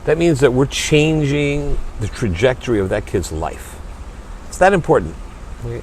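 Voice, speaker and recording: A man's voice: medium pitch, expressive, normal speed, darkish tone, slight background noise. A man being interviewed as a guest, talking earnestly and emphatically, often repeating his first words as he starts a sentence. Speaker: restaurant owner and charity chairman, guest. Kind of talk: passionate interview talk.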